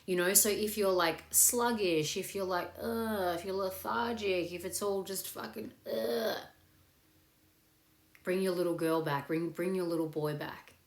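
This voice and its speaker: A woman's voice: lowish voice, fairly even intonation, a little slow. A woman hosting a casual live chat that leads into a meditation, upbeat and swearing freely. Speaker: meditation host. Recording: echoey room with faint music.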